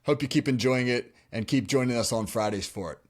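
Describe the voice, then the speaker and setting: A man's voice: medium pitch, a little fast. A man hosting a casual sports chat show in a laid-back way, laughing often as he talks. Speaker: show host and football coach.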